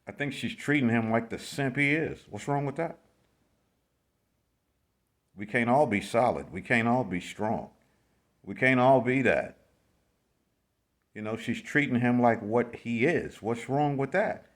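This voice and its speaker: A man's voice: medium pitch, unhurried, long pauses. A man from the United States ranting in a blunt, slangy way to his vlog audience, repeating himself with exasperation. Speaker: vlogger. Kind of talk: casual ranting commentary.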